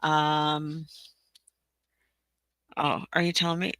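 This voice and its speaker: Woman, livestream host, chatty, giggly, rambling, lowish pitch, bright tone. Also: takes it slowly, pauses often, dry recording. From Tennessee, USA. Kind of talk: casual livestream tutorial.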